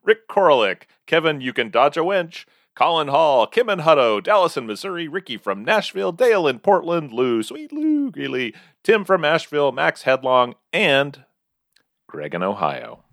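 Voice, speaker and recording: A man co-hosting a podcast from his home office, casual and wry, getting animated when he reads lists of names. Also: fairly high pitch, moderate pace, no room sound, studio quality. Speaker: podcast co-host. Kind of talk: casual chat.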